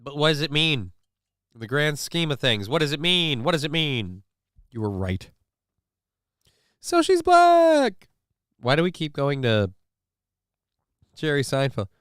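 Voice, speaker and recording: A man's voice: medium pitch, expressive, moderate pace, pauses often, sharp tone, no room sound, studio quality. A middle-aged man hosting a live stream, chatting casually, reading news and making sarcastic, rambling asides with mock-indignant questions. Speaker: live-stream show host.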